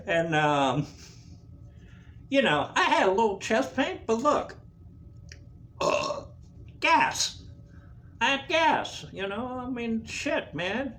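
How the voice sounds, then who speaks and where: A man's voice: very high-pitched, very animated, very slow, pauses often, sharp tone. A man telling a profane story in a casual rant, laughing often as he goes. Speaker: vlogger.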